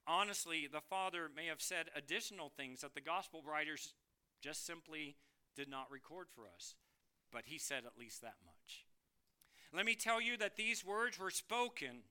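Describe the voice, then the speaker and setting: A man preaching a sermon, lively and questioning, reading scripture aloud and asking the congregation questions. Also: on the high side, moderate pace, clear, resonant tone. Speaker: pastor.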